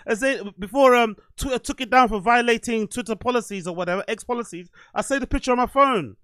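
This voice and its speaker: Casual host, raised voice, cursing, dry close sound. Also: male voice, very high voice, fast talker, few pauses, a bit bright, clean tone, no room sound. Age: adult, "you get older". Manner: swearing, rambling, self-deprecating. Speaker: podcast host. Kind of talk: casual livestream chat.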